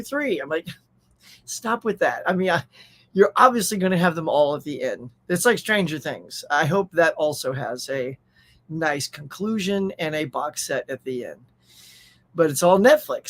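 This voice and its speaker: A man's voice: high-pitched, fairly bright tone. A man with an American accent hosting a live pop culture stream, chatting casually, reading out viewer names and laughing often. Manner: upbeat, chatty, laughs often, reads chat aloud.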